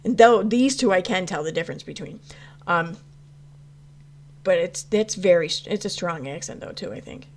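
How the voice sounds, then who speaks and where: A woman's voice: fairly low pitch, expressive, normal speed, darkish tone, a little hiss or hum. Rambling woman chatting on a livestream. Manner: rambling, restarts a lot, swears, laughs often. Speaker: commentary channel host reading live chat. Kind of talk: casual livestream commentary.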